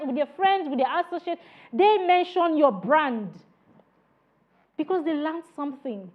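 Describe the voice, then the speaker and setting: A woman training customer service staff in a classroom lecture, animated and repeating "all right" as she acts out exchanges with customers. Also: sits high. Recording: dull lo-fi classroom recording.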